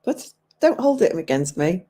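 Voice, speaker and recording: A woman's voice: lowish voice, very animated, moderate pace, dark tone. An English woman in her fifties hosting a livestream, chatting casually and answering viewers' comments aloud with frequent laughter. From England. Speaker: livestream host.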